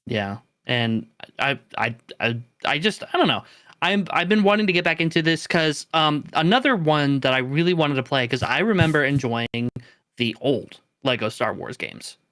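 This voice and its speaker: A man's voice: on the high side, animated, moderate pace, a bit bright, dry recording, clean studio sound. A man co-hosting a gaming podcast, chatting casually and enthusiastically with lots of fillers. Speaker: podcast co-host. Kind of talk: casual chat.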